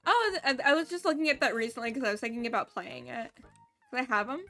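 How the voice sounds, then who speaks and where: A woman's voice: on the high side, expressive, fast, pushed and bright, soft background music. A woman streaming a cozy game, chatting in a playful, silly, giggly way. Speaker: gaming streamer. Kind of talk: casual live-stream chat.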